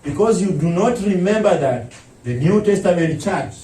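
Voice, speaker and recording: A pastor preaches a sermon in a very high, animated voice that swings up into shouts and mocking impressions. He sounds set back from the microphone, in an echoey church hall. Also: normal speed, a little hiss or hum. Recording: echoey room, mic at a distance.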